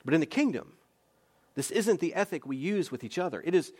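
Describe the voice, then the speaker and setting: A man's voice: a little high, lively intonation, fairly quick, darkish tone. A man preaching a sermon as pastor, earnest and emphatic, with repeated phrases and conversational rhetorical questions.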